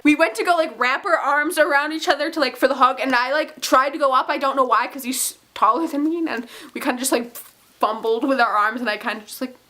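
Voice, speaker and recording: A young woman chats through a casual storytime vlog. Her voice sits a little high and sounds bright and tense. She talks excitably, swears freely and fills her sentences with "like". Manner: excitable, swearing, many fillers. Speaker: vlogger.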